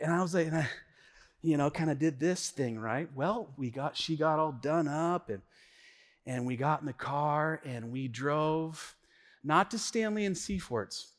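A middle-aged man preaching a sermon as pastor, telling a story with lively, acted-out quotes in a church. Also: on the high side, moderate pace. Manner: animated storytelling, acts out quotes. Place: church sanctuary. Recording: long hall reverb.

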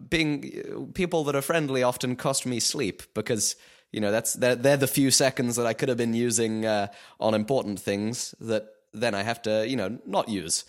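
A man's voice: mid-range voice, normal speed, hardly any pauses. A man on a podcast airing his complaints in casual chat, rambling and hedging with "you know".

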